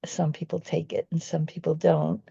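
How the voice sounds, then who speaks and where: A woman's voice: low-pitched, level tone, normal speed, gravelly, warm tone, husky, dry recording, dull audio. A woman and vegan activist telling a personal story in an earnest, rambling way, often restarting her sentences.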